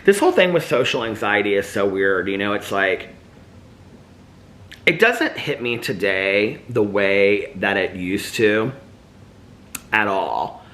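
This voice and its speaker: A man's voice: lowish voice, animated, slow pace, pauses often, a bit bright. A man vlogger in casual, reflective chat, rambling with lots of "like" and "you know".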